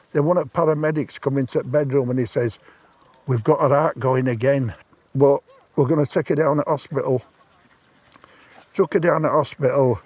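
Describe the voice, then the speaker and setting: Medium in pitch and a little mellow, the voice comes from a man in his seventies. He's a stranger on a park bench outdoors, casually telling a long personal story in a plain, rambling way.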